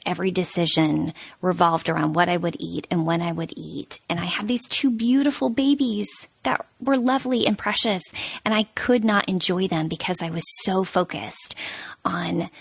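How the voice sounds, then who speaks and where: A woman in her thirties tells her personal story as a podcast guest, earnest and animated. Her voice sits on the low side. It is recorded dry and close on a podcast mic. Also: no room sound.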